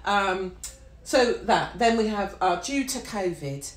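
Woman, forties, mid-pitched, blunt sweary rant, echoey room; host of her own show. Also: lively intonation, slow pace. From Britain. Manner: blunt, profane and mocking. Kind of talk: ranting monologue.

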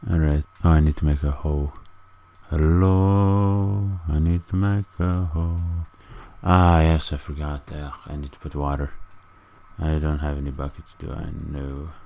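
A man's voice: a bass voice, warm tone. A man giving goofy, rambling commentary while playing a video game, chatting to the animals in it. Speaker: gaming video creator. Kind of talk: casual gameplay commentary.

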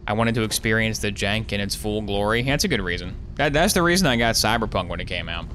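Lower-voiced sarcastic man playing a game. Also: quick pace, a little hiss or hum. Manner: sarcastic, joking, excitable yelps. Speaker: gameplay streamer. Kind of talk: casual let's play commentary.

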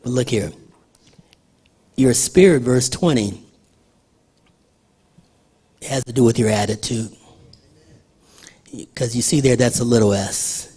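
A man's voice: medium pitch, slow, long pauses, dark tone, husky. An older man preaching a sermon in church in a conversational way, asking the congregation questions. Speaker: pastor.

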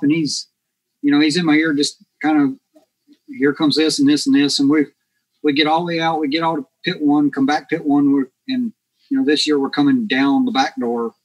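A man's voice: a little high, breathy edge, low-quality recording. A man guest on a podcast, telling a story casually and acting out the dialogue with lots of energy. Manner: animated, acts out quoted dialogue.

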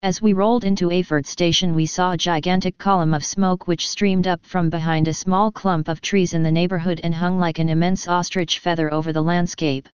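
A woman reading a classic story aloud in an even, measured narration. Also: on the low side, clean tone, dry recording, highs cut off. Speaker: audiobook narrator. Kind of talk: scripted narration.

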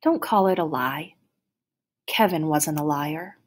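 A woman voicing a patient, kind, tired woman doctor who speaks softly, slowly and calmly. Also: low voice. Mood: gentle.

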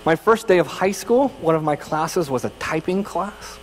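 A man's voice: on the high side, lively intonation, moderate pace, big-room sound, poor audio. Conversational male pastor telling stories. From California, United States. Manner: conversational, self-deprecating storytelling with frequent restarts. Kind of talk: sermon with personal stories.

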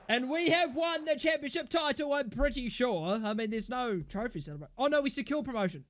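High-voiced excitable game commentator. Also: male voice, brisk, few pauses. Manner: swears constantly, yells at players, panics. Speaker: gaming channel host.

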